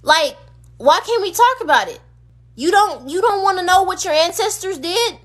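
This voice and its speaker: A woman with a very high, bright, cutting voice speaks into her phone on a livestream. She rants with fervent emphasis, circling back to the same pointed questions again and again. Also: animated, normal speed. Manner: emphatic, repetitive rhetorical questions. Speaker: streamer. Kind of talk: impassioned livestream rant.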